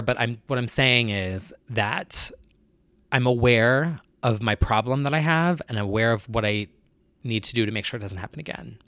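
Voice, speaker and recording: A man's voice: medium pitch, fairly bright tone, dry recording. A man talking candidly to his viewers in a personal vlog, with a nasal voice and an earnest, rambling way of talking that keeps correcting itself. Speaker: vlogger.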